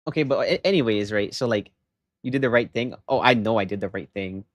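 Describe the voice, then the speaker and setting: A young man livestreaming, telling a story in animated, rambling casual chat, often saying "bro" and "okay?". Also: fairly low pitch, a little fast, no room sound.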